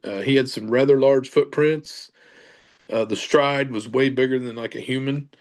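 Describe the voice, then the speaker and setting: Telling paranormal tales as a podcast guest, this man from Kentucky wanders through his stories with fillers and corrections of himself. He speaks at a moderate pace in a steady, medium-pitched, slightly mellow voice.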